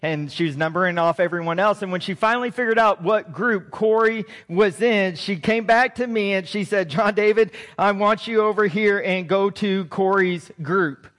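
A man's voice: high voice, normal speed, few pauses, fairly bright tone. A man in his forties preaching a sermon and telling a personal story in an earnest, emotional way. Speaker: pastor.

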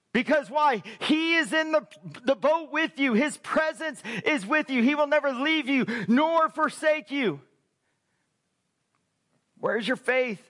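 High-voiced man preaching a sermon. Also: measured pace, fairly bright tone. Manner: emphatic preaching, asks the congregation rhetorical questions. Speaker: pastor. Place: church.

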